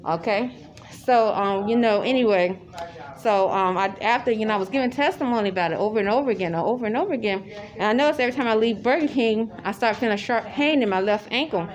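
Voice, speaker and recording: A woman's voice: fairly high pitch, fast. A woman talking casually to the camera in a rambling, repetitive way, with many restarts. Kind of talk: casual spoken monologue. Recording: loud crowd chatter behind.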